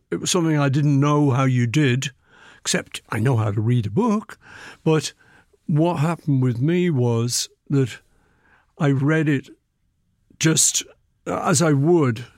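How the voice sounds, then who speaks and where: A man's voice: on the high side, animated, takes it slowly, darkish tone, no echo, studio quality. An older man with a Liverpool accent, chatting as an interview guest about his book, telling anecdotes and slipping into playful voices. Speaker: guest author. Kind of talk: relaxed interview chat.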